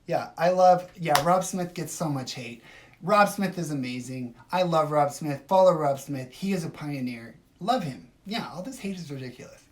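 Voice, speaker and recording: The recording carries a little hiss or hum as a woman with a low, animated voice hosts a casual phone livestream at a moderate pace. She responds emphatically to viewer comments, veering between gushing enthusiasm and dismissiveness.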